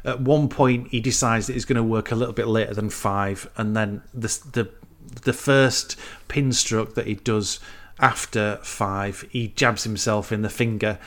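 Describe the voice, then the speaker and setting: A man's voice: fairly low pitch, fairly even intonation, unhurried, few pauses, a bit bright. A man retelling a film plot in casual chat, rambling and acting out the characters' lines. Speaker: podcast co-host.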